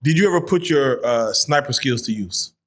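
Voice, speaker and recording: Male host, mid-pitched voice, terse reactions and short questions. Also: animated, normal speed, fairly bright tone. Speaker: interview host. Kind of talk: casual interview.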